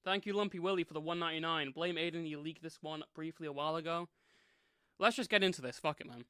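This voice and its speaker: A man's voice: on the high side, fast, fairly bright tone, clear, resonant tone, no room sound. A man co-hosting a stream, reading a written statement aloud steadily, with muttered asides.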